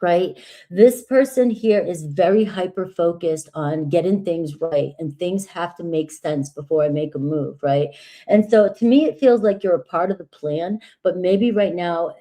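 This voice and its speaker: A woman giving a live tarot reading in a husky morning voice, chatty and reassuring, often checking in with "right?". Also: fairly low pitch, dark tone. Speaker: tarot reader.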